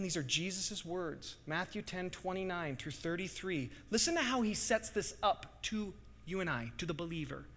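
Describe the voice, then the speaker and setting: A middle-aged male pastor preaching with real fervor, his voice sitting high and sounding bright and forceful. He drops to hushed stretches, then surges into loud bursts. A long reverb trails after him, like a big church hall. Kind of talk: sermon.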